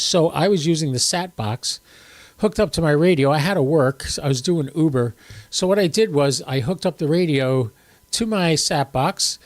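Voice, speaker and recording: A man hosting an amateur radio live stream, talking casually in a chatty, joking, self-deprecating way. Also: a little high.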